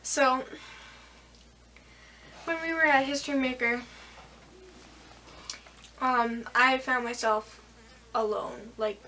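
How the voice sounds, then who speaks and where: A woman's voice: high voice, fairly even intonation, slow pace, pauses often, bright, forceful tone, distant mic, a little hiss or hum, low-quality recording. A teenage girl vlogging a casual storytime, rambling and giggly with lots of fillers.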